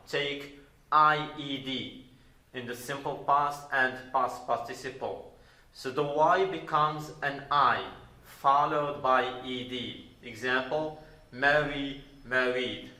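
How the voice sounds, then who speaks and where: A man from Morocco teaching an English grammar lesson deliberately, repeating words and spelling out verb endings. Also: medium pitch, pushed and bright. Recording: roomy echo.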